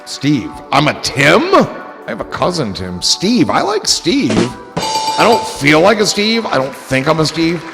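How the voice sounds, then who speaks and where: A man's voice: a little high, huge pitch swings, a little slow, creaky, long reverb tail, music in the background, a crowd in the background. A man hosting a livestream in casual chat, rambling and joking with a loose, swearing manner. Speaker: livestream host.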